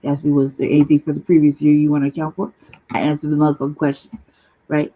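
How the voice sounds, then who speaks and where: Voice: medium pitch, completely flat delivery, quick pace, mellow, low-quality recording. A channel host telling a long personal story in a casual, profane, rambling monologue full of slang.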